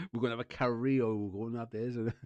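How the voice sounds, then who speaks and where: Man, casual rambling vlog chat, middle-pitched voice, dry room, keeps saying "you know what I mean". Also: fast, darkish tone, no echo, highs cut off. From Wales. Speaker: streamer and vlogger.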